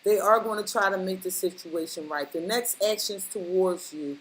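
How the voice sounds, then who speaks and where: A woman's voice: medium pitch, moderate pace, slight background noise, rough recording. A woman reading tarot cards straight to the viewer in a casual, blunt way, repeating her points for emphasis. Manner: emphatic, repeats lines for stress, blunt slang. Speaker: tarot reader.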